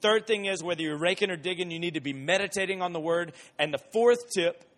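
A man gives a casual, conversational Bible lesson, moving between lively everyday examples and slow, emphatic repetition. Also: high voice. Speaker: Bible teacher. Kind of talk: casual sermon.

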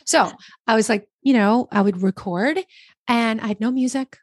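Woman from New Jersey, podcast guest; chatty, animated storyteller, dry close mic. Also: fairly high pitch, normal speed, no echo. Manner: chatty, animated, lots of quoted self-talk. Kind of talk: casual interview storytelling. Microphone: podcast microphone.

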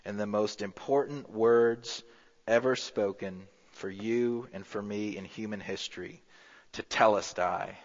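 A man preaching a sermon as pastor, rising to emphatic peaks and dropping to a hushed low voice. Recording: muffled with long hall reverb.

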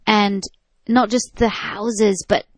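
A woman's voice: medium pitch, fairly even intonation, takes it slowly, no echo. A jet-lagged, giddy woman co-hosting a podcast, chatting casually and telling stories while laughing easily. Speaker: podcast co-host. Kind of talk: casual chat.

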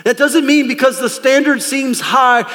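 A man preaching a lively, conversational sermon from a church stage, calling out to the congregation. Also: very high-pitched, moderate pace, in a large hall. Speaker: pastor. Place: church sanctuary.

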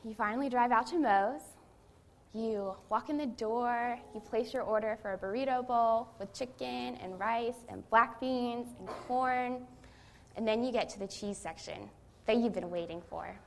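A woman's voice: on the high side, measured pace, vocal fry, a little hiss or hum. Young woman preaching in a chatty way. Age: young adult. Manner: conversational, self-deprecating storytelling. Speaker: seminary student preaching. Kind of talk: sermon with personal story.

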